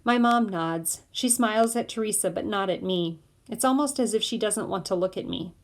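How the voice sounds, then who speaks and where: A woman reading a novel aloud in steady first-person narration. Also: medium pitch, moderate pace. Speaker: audiobook reader.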